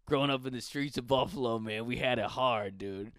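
A man mockingly voicing a boastful young male wannabe rapper in a low, drawling bro voice. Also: a little fast, fairly bright tone, no room sound, natural voice.

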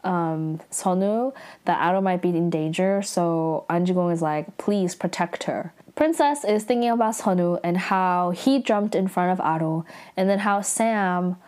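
A young adult woman giving a casual episode recap, chatty and full of "like", with quick reactive asides. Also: on the low side, darkish tone. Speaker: drama recap vlogger.

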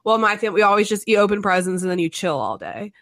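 A woman's voice: mid-range voice, animated, very fast, fairly bright tone, dry recording. Woman, podcast co-host, laughs a lot, short replies, dry close sound. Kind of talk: casual podcast chat.

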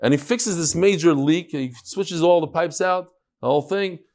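A rabbi leads his Talmud class in an animated lecture, breaking off to tell stories. The man speaks in a somewhat high voice and talks straight to the students in front of him. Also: normal speed. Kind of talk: lively lecture with storytelling.

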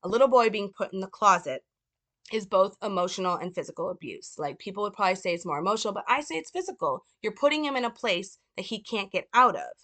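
A woman giving a casual, earnest film analysis, talking with lots of fillers and quick self-corrections. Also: mid-range voice, expressive, pushed and bright. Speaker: film commentator.

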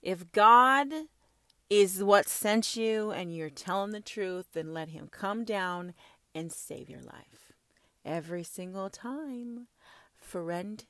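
Casting herself as a prophetess, a woman delivers a foul-mouthed, ranting monologue that swings from shouting to whispering. Her pitch is medium, and the recording has no room sound.

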